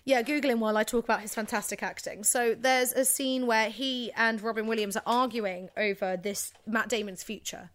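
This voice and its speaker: Woman podcast co-host, high-ish, enthusiastic, chatty. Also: fairly even intonation, a bit bright. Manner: enthusiastic, gushing, quick asides. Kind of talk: casual chat.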